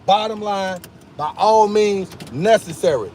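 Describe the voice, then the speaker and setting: A man live-streaming from his car, talking excitedly and emphatically to his chat in slang. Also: high-pitched, unhurried, a little hiss or hum. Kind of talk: casual live-stream rant. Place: in a car at a gas station.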